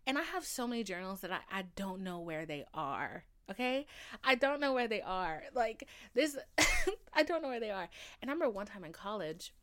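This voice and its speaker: A woman's voice: medium pitch, moderate pace. A young woman in her twenties, a podcast host telling casual stories with lots of swearing and laughter. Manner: animated, swearing, laughing often. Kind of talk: casual storytelling.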